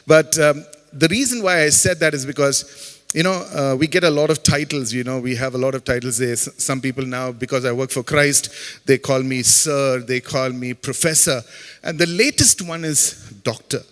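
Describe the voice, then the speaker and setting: A man's voice: medium pitch, fairly even intonation, moderate pace, fairly bright tone. Indian man telling jokes in an echoing auditorium. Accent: Indian English. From India (Chennai). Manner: playful storyteller, jokey asides to the audience. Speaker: guest speaker. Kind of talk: humorous faith-based motivational talk. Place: campus auditorium. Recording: long hall reverb in an auditorium.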